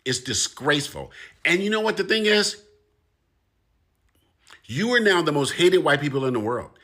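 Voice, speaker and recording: A man's voice: on the high side, big pitch swings, moderate pace. A man speaking straight to his audience in an impassioned monologue, pressing his points with repetition and rising emphasis. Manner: forceful, rising and repeating for emphasis. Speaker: commentator. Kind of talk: impassioned direct-to-camera monologue.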